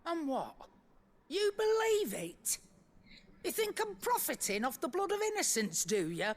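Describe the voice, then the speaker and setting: A woman's voice: high voice, big pitch swings, unhurried. An actress playing a prickly, proud older merchant woman, blunt and indignant. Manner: blunt, indignant, sharp-tongued.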